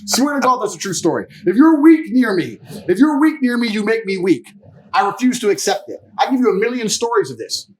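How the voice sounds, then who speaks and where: A man's voice: high-pitched, very animated, brisk, slightly rough. A man in a podcast chat, telling boastful stories in a brash, profane way and laughing often. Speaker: podcast guest. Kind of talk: casual storytelling chat.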